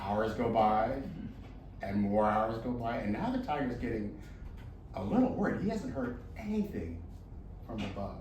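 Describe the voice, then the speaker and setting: A man telling a folk tale to an audience in a lively, expressive way, with slow, dramatic pauses. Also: fairly low pitch, a little hiss or hum. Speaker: volunteer storyteller. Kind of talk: animated storytelling to an audience. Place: luncheon hall. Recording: roomy distant room mic, faint ambience.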